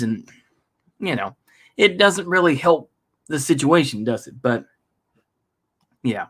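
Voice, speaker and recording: A man's voice: a little high, very animated, takes it slowly, long pauses, fairly bright tone, slightly rough. An American man giving a casual, rambling political monologue. He is self-deprecating and uses lots of fillers. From United States. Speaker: political vlogger.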